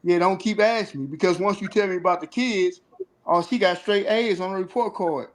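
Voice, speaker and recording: Heard over a rough recording, a panel guest who was once incarcerated earnestly describes his feelings on phone calls from prison, playing out the calls himself. He speaks briskly in a high voice.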